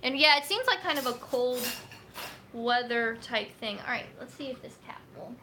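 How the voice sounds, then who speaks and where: Against a noisy background, a woman with a slightly high, expressive voice talks at a moderate pace. She's a nutrition coach doing a casual live chat from a home filming room, recorded on a tripod camera, and she rambles with many fillers.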